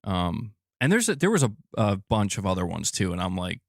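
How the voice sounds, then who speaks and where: A man's voice: low voice, very animated, a little fast, gravelly, no echo, clean studio sound. A man hosting a casual livestream chat, rambling and correcting himself, laughing often. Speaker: streamer host.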